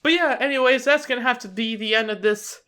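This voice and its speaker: A man's voice: extremely high pitch, fast talker, pushed and bright, clear, resonant tone. A man on his own channel giving casual wrestling predictions, rambling and sarcastic with frequent restarts. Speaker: YouTube wrestling commentator.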